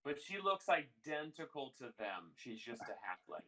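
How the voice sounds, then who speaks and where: A man's voice: mid-range voice, big pitch swings, moderate pace, pushed and bright, rough recording. A man narrating as game master in a casual, rambling way. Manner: casual, lots of fillers and restarts.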